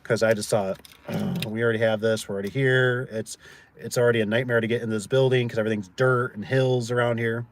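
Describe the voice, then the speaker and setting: A man's voice: medium pitch, fairly even intonation, fast talker. A man who owns a door and gate business, chatting casually and telling stories full of fillers and acted-out quotes. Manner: storytelling, acts out quoted people, lots of fillers. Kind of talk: casual rambling livestream chat.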